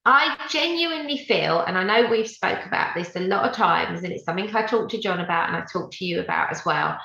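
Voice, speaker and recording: Gravelly-voiced woman dog trainer, echoey. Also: on the low side, brisk, muffled recording. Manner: animated, quotes clients in lively voices. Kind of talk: casual podcast chat.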